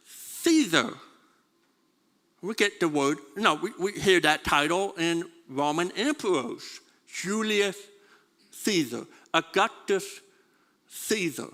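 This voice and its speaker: A man's voice: sits high, pushed and bright, big-room sound. A man preaching a sermon, stumbling over repeated words and asking his congregation questions. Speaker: pastor.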